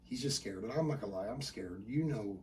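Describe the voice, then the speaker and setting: A man doing a soft worried mom. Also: lowish voice, lively intonation, a little fast, far from the mic, a little hiss or hum, pitched below the performer's own voice, close to an everyday voice. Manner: quiet and gentle. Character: worried soft-spoken mother, middle-aged woman.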